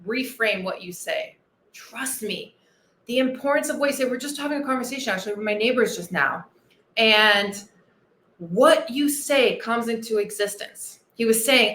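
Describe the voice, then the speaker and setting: Bright, eager woman coach in an echoey room. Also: a little high, normal speed. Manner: enthusiastic and earnest, repeats key phrases. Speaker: weight-loss and life coach, podcast host. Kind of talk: motivational podcast monologue.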